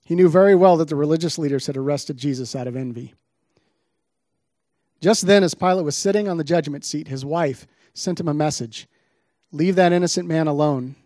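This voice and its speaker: A preacher with a darkish voice on the high side speaks briskly in a clean studio recording with no room sound. During his sermon he reads scripture aloud, dramatically emphasizing the quoted lines, then explains the passage.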